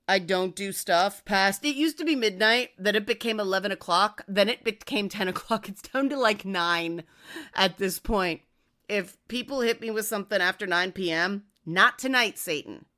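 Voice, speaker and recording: A woman hosting a talk show, giving direct, conversational advice and often tagging her points with a questioning "right?". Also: bright, forceful tone. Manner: acts out quoted voices with raised pitch. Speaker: podcast host.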